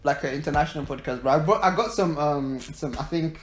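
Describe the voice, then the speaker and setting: Young Nigerian-born man, podcast co-host; quick slangy banter, a bit high, in a roomy flat room. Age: young adult. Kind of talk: casual chat. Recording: echoey room.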